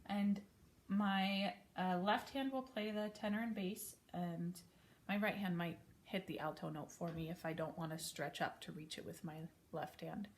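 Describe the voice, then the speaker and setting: A piano teacher with a lowish voice keeps a measured pace while explaining chords simply, sometimes catching and fixing her own slips. The lesson feels relaxed and friendly, with piano playing between her remarks and a little hiss or hum on the recording.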